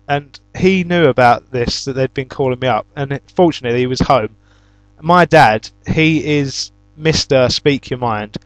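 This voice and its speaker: Young British male gaming host, casual Q&A delivery, slightly higher voice, dry close mic. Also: a little slow, dry recording. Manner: chatty storyteller, flares into loud exasperated shouts. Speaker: YouTube gaming channel host. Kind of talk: casual Q&A answering viewer comments.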